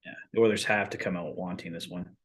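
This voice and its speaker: A man's voice: low voice, fairly even intonation, fast, fairly bright tone, a little hiss or hum. A man co-hosting a fan watch stream, casually reading out viewers' picks and chatting about the game.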